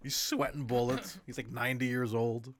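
A man's voice: mid-range voice, flat delivery, moderate pace, a little hiss or hum. A man co-hosting a podcast in casual chat, riffing on jokes and laughing often. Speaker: podcast co-host.

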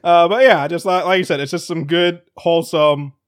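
A man's voice: fairly high pitch, fairly even intonation, moderate pace. A man co-hosting a casual news-chat podcast, rambling and laughing often as he restarts his sentences. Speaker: podcast co-host.

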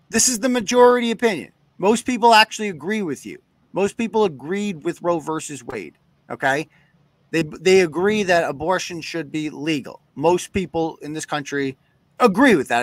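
A man's voice: a little high, animated, moderate pace, no echo. A man hosting a live podcast, ranting sarcastically and cursing freely. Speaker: host.

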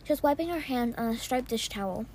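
A woman reading a first-person children's novel aloud, soft and wondering, with small slips. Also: on the high side, lively intonation, quick pace, slight background noise. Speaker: audiobook reader. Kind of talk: first-person storybook narration.

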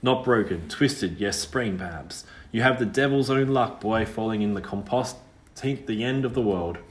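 A man's voice: fairly low pitch, moderate pace, echoey room, natural voice. A man voicing a pert, wary young witch girl's ghost who speaks in a rustic country dialect. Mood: soothing, brisk.

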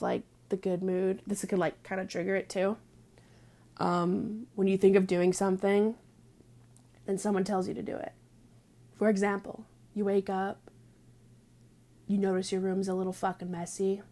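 A young woman rants to camera in a loose, unscripted vlog. She is blunt and foul-mouthed, leans on filler words, and sometimes drops to a hushed aside. Her pitch sits in a middle range. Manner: blunt, crude, heavy on "like" fillers. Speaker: vlogger. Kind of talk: casual profane venting monologue.

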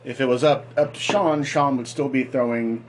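A man's voice: medium pitch, fairly even intonation, normal speed, slight background noise. A man co-hosting a casual fishing chat, telling stories animatedly with sound effects. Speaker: co-host and fishing buddy.

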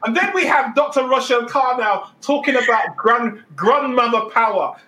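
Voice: mid-range voice, normal speed, sharp tone. An interview host asking questions in a playful, teasing way, often repeating words. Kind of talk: casual interview chat. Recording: echoey room with faint noise.

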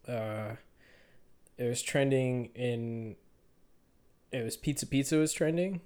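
A young man in his twenties talks alone into his podcast mic, unscripted and unedited. His voice is smooth and resonant at an ordinary middle pitch. He rambles, stops, restarts and corrects himself as he goes. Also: a little mellow. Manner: rambling, halting, self-correcting. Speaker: podcast host. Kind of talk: unedited solo podcast monologue.

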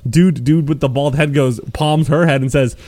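A man's voice: on the high side, a little mellow. A man co-hosting a casual anime podcast, cutting in with jokes and correcting the plot his friend left out. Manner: joking interjections and quick corrections. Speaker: podcast co-host. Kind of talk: casual anime recap chat.

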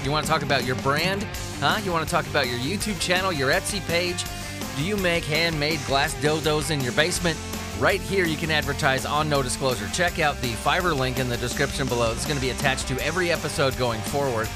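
A man's voice: fairly high pitch, a little fast, loud music behind the voice. A man hosting a podcast in casual, crude, joking chat, recovering from an illness and prone to coughing fits. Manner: lively, crude, joking, laughs a lot. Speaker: podcast host.

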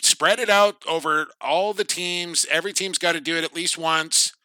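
A man's voice: fairly high pitch, moderate pace, sharp tone, clean tone, no echo. A man hosting a casual sports podcast, chatty and upbeat, often trailing off at the ends of his thoughts. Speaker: podcast host.

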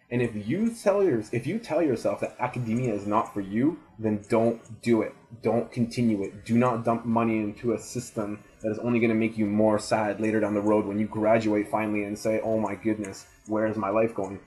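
A young man in his twenties talks straight at one listener in a loose, rambling monologue. His voice sits a little low, and he swears freely while repeating his points for emphasis. It sounds like an off-the-cuff recorded message of advice. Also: moderate pace, a little mellow, rough recording. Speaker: student giving advice. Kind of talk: casual motivational monologue.

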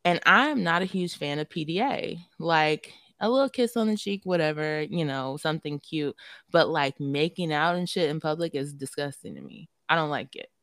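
A woman podcast co-host with a Southern US accent, telling stories in casual chat, animated and swearing freely. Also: low voice, normal speed, no room sound.

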